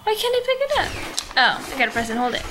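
High-voiced giggly woman gaming at home, noisy. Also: sing-song. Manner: giggly, swears freely, reads mission text haltingly. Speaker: gamer playing on the channel. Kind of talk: casual let's-play chat with friends. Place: living room at home, playing a console.

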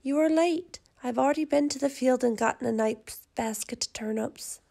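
A woman voicing a clever young male pig who answers back in a high voice. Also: steady tone, vocal fry. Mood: defiant. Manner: high, bright, quick replies.

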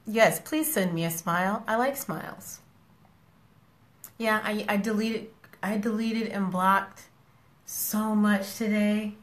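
A woman's voice: medium pitch, slow pace, pauses often, echoey room. A woman talking casually and frankly to her followers on a live stream, scolding them with affection and repeating herself. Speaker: social media personality talking to followers.

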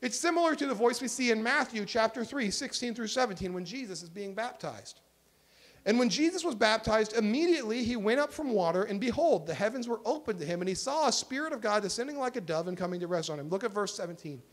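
A man with a high voice preaches to his congregation as their pastor. His delivery is earnest, pressing hard on key points and then dropping low and quiet. The sermon is given live in a church. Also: animated, fast talker. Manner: earnest, swings from emphatic to hushed. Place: church sanctuary.

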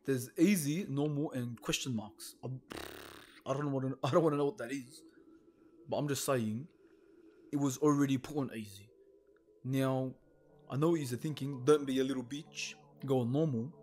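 A man's voice: medium pitch, moderate pace, long pauses, darkish tone, faint music behind. A young man commenting nervously on a horror game he plays alone at home, swearing and hesitating. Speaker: gaming video host.

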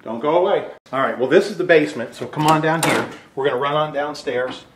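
A man's voice: fairly high pitch, brisk, noisy background. A middle-aged man giving a rambling, joking house tour as a real estate agent, slightly out of breath. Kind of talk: casual walkthrough talking to camera. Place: inside a large empty house. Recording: echoey empty rooms.

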